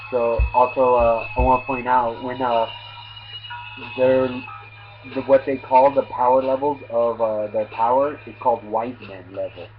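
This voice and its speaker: A man talks through an anime episode in a loose, slangy ramble that keeps looping back with fillers and restarts. The lo-fi recording sounds dull, and loud music plays behind him the whole time. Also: mid-range voice, fairly even intonation, moderate pace. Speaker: anime reviewer. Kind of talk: casual episode recap. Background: loud background music.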